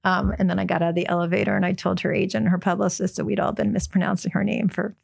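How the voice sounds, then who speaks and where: Chatty American woman with gravelly voice. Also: medium pitch, level tone, darkish tone. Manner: chatty, many ums and restarts, quick asides. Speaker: book editor, podcast guest. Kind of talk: casual interview chat.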